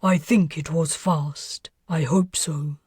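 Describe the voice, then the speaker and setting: A woman's voice: sits low, fairly even intonation, takes it slowly, a little mellow, husky, no echo, studio quality, voice pushed down, heavily acted. A woman narrator voicing a young woman on a starship who pleads earnestly for help. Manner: pleading and apologetic. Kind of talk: audiobook character voice.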